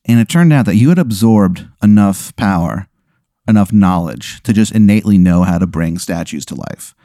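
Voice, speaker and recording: Lively low-voiced man telling a comic story. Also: normal speed, no echo, studio quality. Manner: animated, laced with "like" and swearing. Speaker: podcast host.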